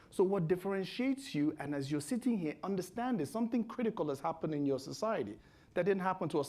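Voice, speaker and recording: Mellow-voiced lawyer on a panel, emphatic, lectures students. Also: male voice, sits high. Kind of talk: panel discussion.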